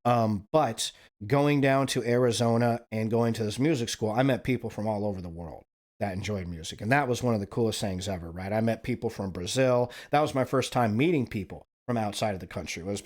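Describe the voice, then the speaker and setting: A man's voice: medium pitch, a little mellow. A man from Wyoming hosting a stream, telling a rambling, casual story and tagging "right?" onto his sentences. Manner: rambling, profane, frequent "right?" tags. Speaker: stream host.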